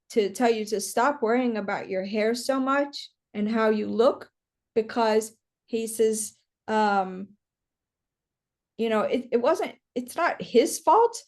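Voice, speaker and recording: A woman's voice: on the high side, takes it slowly, darkish tone. A woman working as a psychic medium, giving a chatty reading on a video call with many fillers. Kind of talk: live online reading.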